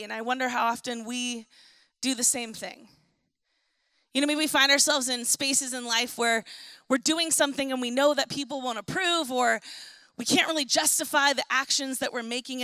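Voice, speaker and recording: Bright, high-voiced woman preaching conversationally. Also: no room sound. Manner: conversational and animated, acting out Bible figures. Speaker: pastor. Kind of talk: sermon.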